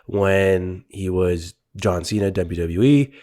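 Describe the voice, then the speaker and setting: A man's voice: deep voice, fairly even intonation, slow pace, warm tone. A young man co-hosting a casual movie podcast, rambling with many fillers and restarts. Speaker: podcast co-host. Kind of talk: casual chat.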